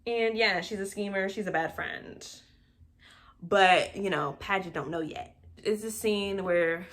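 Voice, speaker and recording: A woman's voice: mid-range voice, a bit bright. Sarcastic young woman recapping a movie. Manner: sarcastic, laughing asides. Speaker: movie review vlogger.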